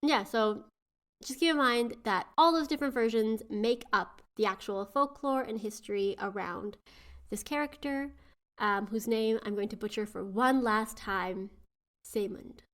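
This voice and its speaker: A woman's voice: a little high, normal speed, fairly bright tone. A woman co-hosting a folklore podcast in casual chat, chatty and laughing often, sometimes searching for words. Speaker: podcast co-host.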